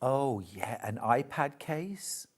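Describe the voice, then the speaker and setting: A man's voice: mid-range voice, animated, slow, breathy edge. A man presenting a live shopping channel show, chatty and gushing as he demonstrates fabrics. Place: TV shopping studio.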